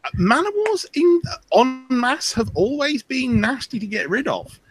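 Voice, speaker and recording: A man's voice: extremely high pitch, big pitch swings, unhurried, faint music behind. A man co-hosting a gaming podcast, patiently explaining game rules with hesitant ums. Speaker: podcast co-host. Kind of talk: casual gaming chat.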